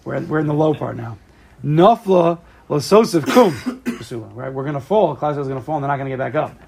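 A man's voice: medium pitch, steady tone, racing, creaky, darkish tone. A man teaching a small study group in a casual, joking way, drifting into side stories and mixing Hebrew terms into his English. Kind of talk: casual text study class.

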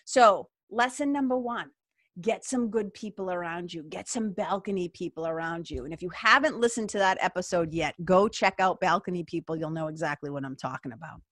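A woman's voice: on the low side, fairly quick, fairly bright tone, no echo, studio quality. A woman, hosting a podcast and telling stories from her own life in a candid, casual way, swearing freely and using lots of fillers. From Massachusetts. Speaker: podcast host. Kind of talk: casual storytelling monologue.

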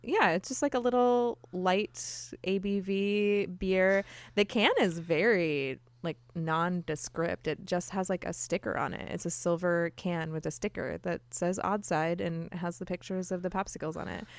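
A woman's voice: fairly low pitch, unhurried, hardly any pauses, clear, resonant tone, dry recording. A woman co-hosting a podcast, chatting casually and cheerfully as she describes her drink in detail into a podcast mic. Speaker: podcast co-host. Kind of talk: casual chat over drinks.

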